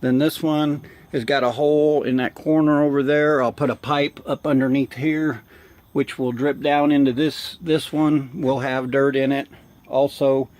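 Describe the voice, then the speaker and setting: A man out of breath, filming a casual walk-around vlog outdoors, halting with many fillers. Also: medium pitch, little pitch movement, darkish tone. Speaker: hobby gardener vlogger. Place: outdoor yard.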